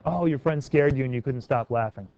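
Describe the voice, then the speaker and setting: A man's voice: medium pitch, brisk, dull audio. A man teaching a class, calling on students by name and coaxing them to try sentence revisions. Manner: encouraging, questioning students by name.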